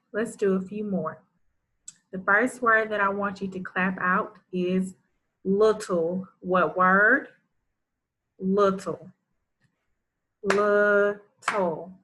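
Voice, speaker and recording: A woman's voice: medium pitch, rough recording. A woman teaching a first grade reading lesson, carefully sounding out word parts and praising the children. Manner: enunciates sounds carefully, warm praise for pupils. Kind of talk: slow, deliberate reading lesson for young children.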